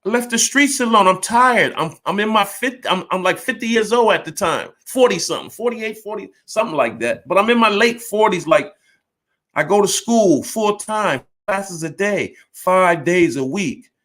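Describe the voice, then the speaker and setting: An animated, blunt man in his fifties tells a candid story from his life in a high voice at a moderate pace. He swears and acts out both sides of arguments.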